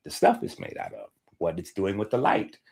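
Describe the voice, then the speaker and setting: Casting: low-voiced man, emphatic streaming host, lectures casually and insistently. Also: very animated, normal speed, creaky, a little mellow, breathy edge. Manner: emphatic, lecturing, conversational asides. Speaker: holistic health streamer.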